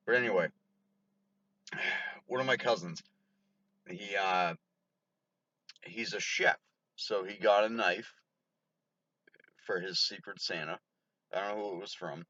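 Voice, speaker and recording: Deep-voiced drunk man rambling. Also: slow pace, pauses often, sharp tone, no room sound. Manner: rambling, profane, laughs often. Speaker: vlogger. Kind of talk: rambling storytelling to camera. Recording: dull lo-fi recording.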